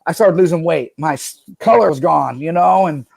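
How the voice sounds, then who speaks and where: A man's voice: a little high, moderate pace, gravelly, darkish tone, slightly rough. A middle-aged man talking loosely and rambling, telling his recovery story in a casual interview. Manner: loose, rambling, says "dude" a lot. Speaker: guest, professional skateboarder.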